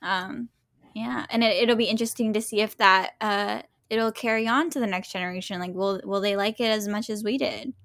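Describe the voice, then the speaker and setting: A woman's voice: medium pitch, fairly even intonation, brisk, a bit bright, dry recording, clean studio sound. A woman co-hosting a casual film podcast, speaking hesitantly as she searches for her words. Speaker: podcast co-host. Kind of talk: casual chat.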